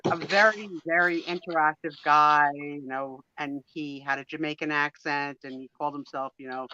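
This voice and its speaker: A chatty woman from New Jersey co-hosts a live online sale and tells stories with animated energy. Her voice is bright and forceful. The sound is dry and a little dull. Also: low-pitched, no echo. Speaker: co-host of live sale stream. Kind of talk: casual storytelling chat.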